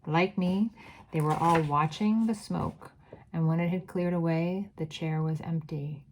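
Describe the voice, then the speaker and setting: Woman reading a kids book out loud, slow and low, goes whispery at the scary bits. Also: fairly even intonation, a little hiss or hum. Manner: slow, measured, drops to a whisper at tense moments. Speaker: read-aloud narrator. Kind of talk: reading a children's book aloud.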